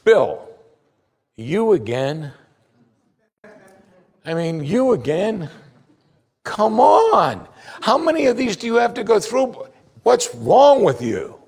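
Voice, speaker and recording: A man's voice: sits high, huge pitch swings, slow pace, long pauses, a little mellow, voice pushed up, exaggerated voice. A man voicing an impatient, nagging God in a mocking, exaggerated voice. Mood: exasperated. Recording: long hall reverb.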